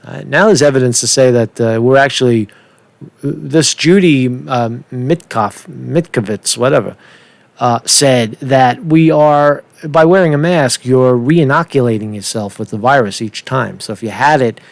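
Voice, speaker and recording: A man's voice: mid-range voice, a little slow, creaky, no room sound. A man hosting a casual livestream, rambling and sarcastic, with lots of cursing. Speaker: channel host.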